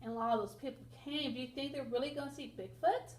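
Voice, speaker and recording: A woman teacher reading a picture book aloud to children, expressive and asking them questions. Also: sits high, fairly quick. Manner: expressive, asks listeners questions, sound effects. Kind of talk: children's read-aloud lesson. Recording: echoey room with faint noise.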